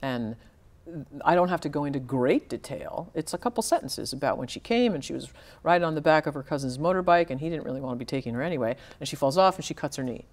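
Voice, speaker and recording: A novelist with a notably low voice discusses her writing in a relaxed interview. Reflective and unhurried, she pauses and restarts while searching for the right words, keeping a grounded, conversational tone.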